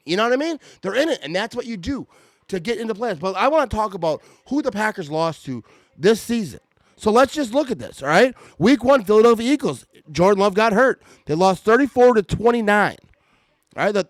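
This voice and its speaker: Fired-up ranting man, high lively voice. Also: dry recording. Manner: fired-up, irritated, stammering restarts. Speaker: podcast host. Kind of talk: heated sports fan rant. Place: home at night. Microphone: podcast mic.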